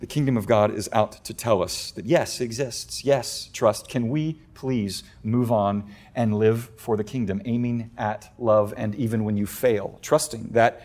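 The pastor's sermon is animated: quoted voices come out in loud, high bursts, while his important points are delivered softly and quietly. He talks a little slowly, with hardly any pauses.

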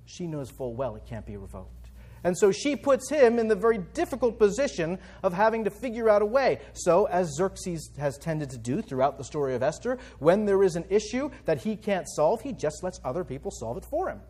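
High-voiced man teaching scripture. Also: very animated, brisk, darkish tone, husky. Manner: conversational, with rhetorical questions and check-ins. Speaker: Bible teacher. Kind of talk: expository Bible teaching.

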